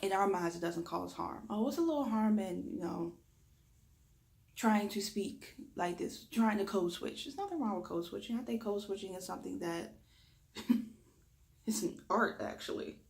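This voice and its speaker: This reiki practitioner, a woman, shares a spoken reflection in a low, raspy voice with a lisp and a Southern drawl. Her excitement tends to speed her up, so she makes a point of slowing her pace.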